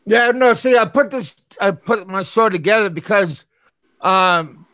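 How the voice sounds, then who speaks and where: This is a male show host with a high voice, telling a story casually and stammering, repeating his words again and again. The sound is dry and close, with no room around it. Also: unhurried, pushed and bright, no echo. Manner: talks back to chatters who interrupt him.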